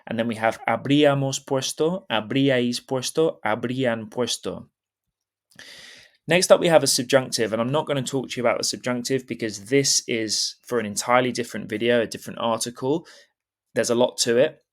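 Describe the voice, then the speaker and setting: A man's voice: mid-range voice, fairly quick. Patient man teaching Spanish verb forms. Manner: clear, patient explaining, frequent checking "okay?"; switches between English and carefully pronounced Spanish. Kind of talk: online language lesson.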